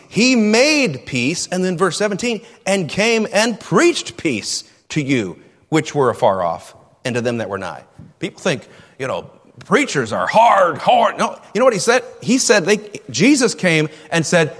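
A middle-aged man preaches in a church sanctuary, his voice swinging widely up and down and sitting a little high for a man. He drives his points home by repeating short phrases, and a long hall reverb trails after him. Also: a little slow, breathy edge. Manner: animated preaching, repeats key phrases for emphasis. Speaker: pastor. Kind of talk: sermon.

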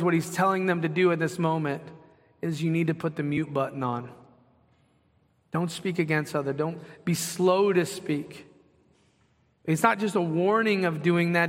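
Middle-aged pastor preaching in a reverberant hall. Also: male voice, fairly high pitch, a bit bright. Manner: conversational, asks the congregation questions. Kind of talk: sermon. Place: church sanctuary.

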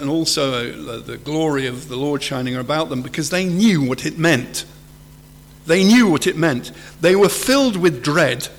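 High-voiced man preaching in a reverberant hall. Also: fairly bright tone. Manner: earnest, rises high to act out quoted fear. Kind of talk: sermon.

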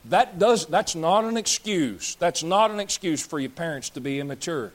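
A man's voice: fairly high pitch, animated, moderate pace. A man, preaching a blunt, folksy sermon as pastor, scolding and joking with his congregation. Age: 30s. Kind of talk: fiery sermon.

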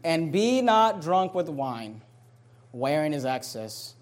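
A man preaching a fiery sermon, reading scripture slowly and swinging between loud bursts and low asides. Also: sing-song. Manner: reads scripture slowly with emphasis. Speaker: pastor.

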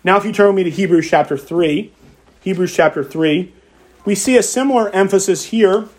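A man's voice: sits high, moderate pace. A man preaching an expository sermon, reading scripture aloud and stressing key phrases by repeating them.

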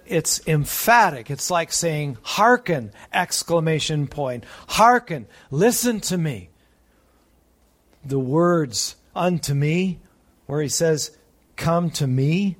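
A man preaching a sermon as pastor, reading scripture aloud and pausing for emphasis. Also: a little high.

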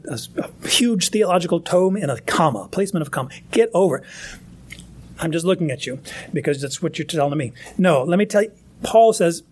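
A man's voice: fairly high pitch, husky. A man preaching a sermon in a conversational, emphatic way, often restarting his phrases. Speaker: pastor.

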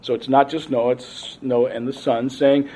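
A man teaching a Bible study class, reading scripture aloud and explaining it patiently, with frequent pauses and ums. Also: mid-range voice, level tone, mellow.

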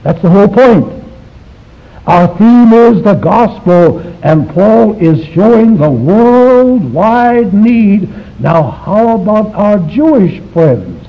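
Emphatic, lively male Bible teacher. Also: sits high, slow, vocal fry. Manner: emphatic, asks the class rhetorical questions. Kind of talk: Bible study lecture to a live class. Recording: dull lo-fi recording.

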